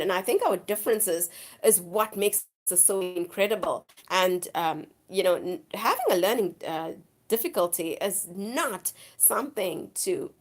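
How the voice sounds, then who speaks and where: A woman hosting a live stream, chatting casually with viewers and rambling on in an effusive, repetitive way, her voice worn from the flu. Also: mid-range voice. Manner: rambling, effusive, repeats herself.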